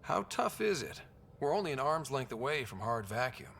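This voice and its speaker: Gravelly young expedition leader. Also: male voice, medium pitch, very animated, normal speed, a bit bright, a little hiss or hum. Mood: calm.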